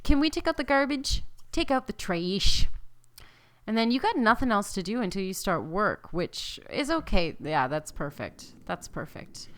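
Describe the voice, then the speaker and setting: A woman's voice: medium pitch, very animated, normal speed. A young woman casually commenting on her own gameplay, chatting to her sims, reading the game text aloud and laughing often. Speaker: let's play host.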